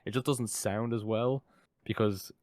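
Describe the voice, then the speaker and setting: Low-voiced young man rambling casually. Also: fairly even intonation, a little slow, darkish tone, no room sound. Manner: rambling, swears freely, leans on "like". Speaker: podcast co-host. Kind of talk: casual chat.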